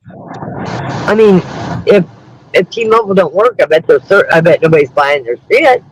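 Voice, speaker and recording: Calling in as a guest from her moving car, this woman tells crude, joking, straightforward stories in a relaxed conversation on a livestream. She sounds lowish, animated yet unhurried, and slightly rough, over poor audio.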